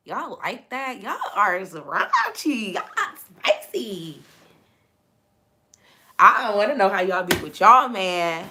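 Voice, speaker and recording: A young woman hosting a casual live chat with her viewers, animated and laughing often, her voice slightly hoarse. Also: medium pitch, takes it slowly, a little hiss or hum. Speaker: live stream host and coach.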